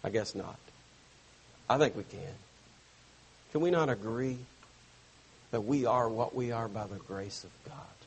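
A man preaching a sermon to his church, stressing phrases slowly and dropping suddenly soft. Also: mid-range voice, husky. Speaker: pastor.

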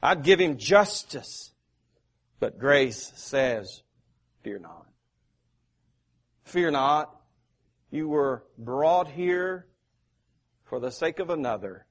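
Male pastor, high voice, unhurried preacherly delivery with repetition, church sermon. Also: lively intonation. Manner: preacherly, repeats key phrases for emphasis. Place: church sanctuary.

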